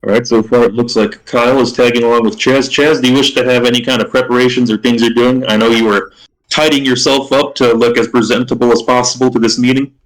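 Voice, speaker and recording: A man with a loud, projecting voice, running a tabletop game as game master in halting, restart-filled narration. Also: mid-range voice, flat delivery, low-quality recording.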